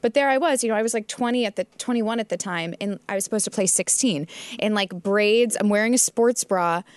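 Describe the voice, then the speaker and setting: A woman's voice: mid-range voice, fairly quick, no room sound, studio quality. A young woman in her twenties, an actress telling a casual story in a podcast conversation, with laughs and swearing. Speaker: guest actress. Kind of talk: casual chat.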